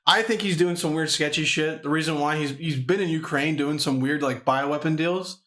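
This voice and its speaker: A man with a somewhat high voice chats on a comedy podcast. He rambles crudely and swears often, thinking out loud as he goes. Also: moderate pace. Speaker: podcast co-host. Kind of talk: casual comedy podcast chat.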